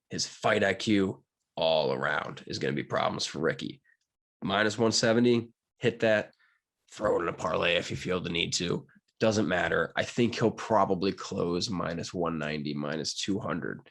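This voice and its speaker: A young man from Pennsylvania talks fight bets in a casual solo session as a sports betting commentator. He's animated and jokey, his pitch swinging widely.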